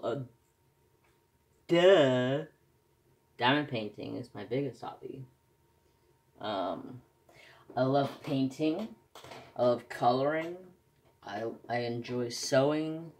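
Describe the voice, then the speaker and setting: A man chats at an unhurried pace for his crafting vlog. His talk is folksy and rambling, full of small restarts. His pitch sits in an ordinary middle range. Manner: rambling, folksy, self-correcting. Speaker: crafting vlogger. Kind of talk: casual chat.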